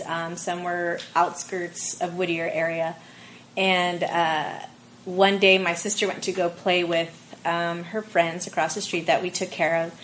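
A young woman telling an emotional personal story in a group discussion, halting and full of fillers. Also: on the low side, fairly bright tone, a little hiss or hum, poor audio.

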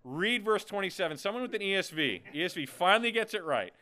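A man's voice: high voice, lively intonation, fast, pushed and bright. A man preaching a sermon in a playful, conversational way, often checking in with "okay?". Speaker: pastor.

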